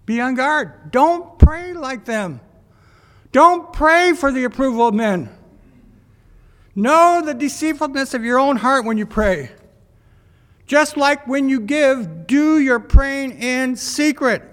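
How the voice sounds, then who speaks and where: A man delivers a sermon in a very high voice, taking his time over each phrase. He keeps putting questions to his listeners, and his words ring out with a long reverb, as in a church hall. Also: lively intonation, slow, fairly bright tone. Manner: asks the congregation rhetorical questions. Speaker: preacher.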